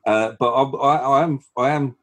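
A man's voice: medium pitch, normal speed, a bit bright. An English man co-hosting a podcast who talks in a jokey way, often stammering and restarting. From England. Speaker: podcast co-host. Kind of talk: casual chat.

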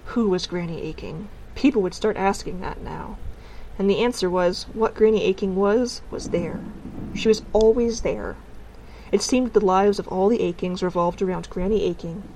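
Calm woman narrating a storybook. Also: mid-range voice, normal speed, slight background noise, low-quality recording. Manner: calm, gently wry storytelling. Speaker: audiobook narrator.

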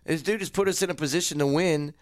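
A man co-hosting a casual sports talk show, animated and excitable, laughing often. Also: fairly high pitch, fast, dry recording, studio quality. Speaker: podcast co-host.

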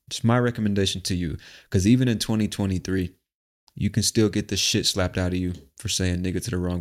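A man from the United States talking casually and profanely as host of a podcast monologue. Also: fairly low pitch. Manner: relaxed, profane, conversational.

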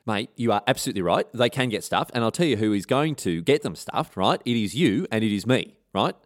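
A man's voice: lowish voice, animated, fairly quick, no echo, clean studio sound, lightly acted. A man voicing a brash male soldier who hatches a bold plan, talking in cocky slang. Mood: scheming.

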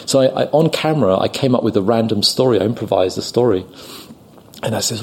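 A British man telling a story on a podcast, animated and often laughing as he acts out the people he quotes. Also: fairly low pitch, fast talker, husky. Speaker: podcast guest, actor. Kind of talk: casual anecdote telling.

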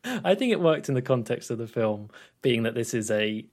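A man's voice: medium pitch, sing-song, normal speed. A man co-hosting a podcast, talking about a film in a laid-back, hesitant way with frequent restarts and laughs. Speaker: podcast co-host. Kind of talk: casual film review chat.

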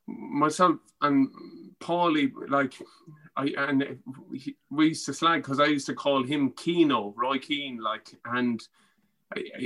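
An Irish man, a former rugby player, chatting as a podcast guest and telling animated stories, acting out what others said. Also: mid-range voice, rough recording. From Ireland. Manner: animated storytelling, acting out quotes. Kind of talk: casual chat.

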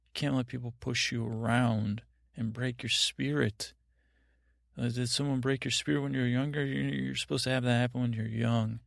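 A man hosting a sleep podcast tells a meandering, absurd bedtime story that keeps trailing off, interrupting itself and restarting. His mid-range voice has vocal fry, and the clean studio sound has no room sound.

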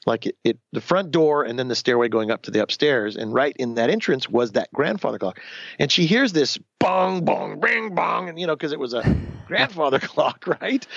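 Man, fifties, storytelling interview, gravelly, slightly high pitch, animated, dull dry sound. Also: no echo. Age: 50s. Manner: animated, acts out quoted voices, restarts sentences. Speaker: guest telling his life story.

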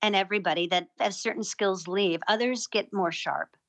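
A woman filmmaker tells a story as an interview guest, with a middle-pitched voice. She talks in an animated way and leans on "you know" between phrases. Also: normal speed.

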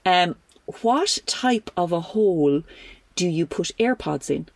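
A woman's voice: on the low side, lively intonation, no room sound. Playful Irish woman podcast host. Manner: playful, teasing, quick to laugh. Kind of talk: casual phone chat.

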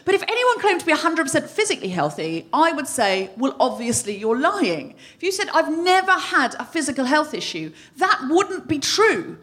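Animated woman telling a comic story. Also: high-pitched, a little fast, hardly any pauses. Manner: animated, breathless comic storytelling with shrieking acted-out quotes. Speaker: comedy podcast host. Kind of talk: live stand-up storytelling. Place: live venue with audience laughter.

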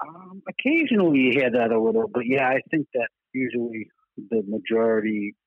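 A man's voice: medium pitch, expressive, brisk, no room sound. A laid-back man with a thick Boston accent tells stories and swears casually through the conversation. His voice comes through a dry, tinny phone line. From Boston, USA. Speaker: band musician guest.

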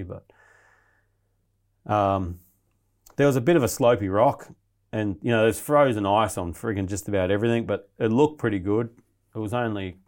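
A man, a guest in an interview, telling a story in a blunt, rambling way with heavy swearing. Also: fairly low pitch.

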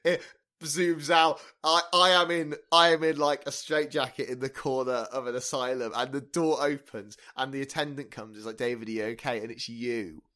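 A man's voice: medium pitch, fairly even intonation, moderate pace, pushed and bright. A man co-hosting a comedy podcast, rambling through jokes and laughing often. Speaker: podcast co-host.

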